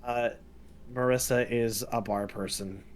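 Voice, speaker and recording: A man voicing a huge, simple-minded young male hatchling who talks about himself in the third person, slow and halting. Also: medium pitch, steady tone, lightly acted. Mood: earnest. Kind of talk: tabletop role-play.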